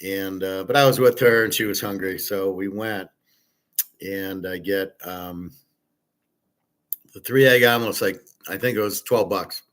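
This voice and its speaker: A man's voice: low-pitched, a little slow. A man hosting a casual monologue, blunt and opinionated, swearing freely and rambling with fillers. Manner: rambling with fillers, trails off quietly. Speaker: host.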